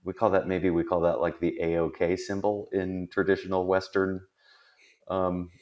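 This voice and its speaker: A man's voice: sits low, little pitch movement, moderate pace, lo-fi sound. A man hosting a podcast in casual chat, rambling and self-deprecating, laughing often. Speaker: podcast host.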